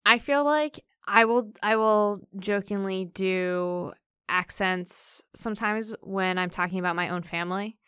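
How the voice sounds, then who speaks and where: A woman's voice: mid-range voice, unhurried, pushed and bright, clear, resonant tone, dry recording, studio quality. A young woman in casual discussion, thinking aloud and asking herself questions as she talks. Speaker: discussion participant.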